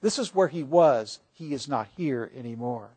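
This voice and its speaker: A man voicing an angel who calmly reassures frightened visitors. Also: mid-range voice, moderate pace, husky, pitched below the performer's own voice. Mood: reassuring. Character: calm reassuring male angel in white.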